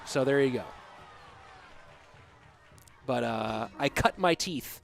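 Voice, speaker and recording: A man casting an esports match, excitable on big plays and loose and rambling while he chats with viewers. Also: mid-range voice, slow, vocal fry. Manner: excitable on big plays, rambling and relaxed when reading chat. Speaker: esports caster. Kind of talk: play-by-play commentary with chat banter.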